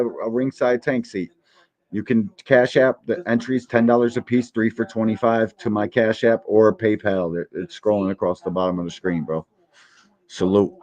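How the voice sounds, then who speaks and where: A man hosting a live boxing stream, cursing freely and mocking what he watches as he reacts to a clip. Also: lowish voice. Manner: profane, mocking, animated. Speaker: boxing podcast host.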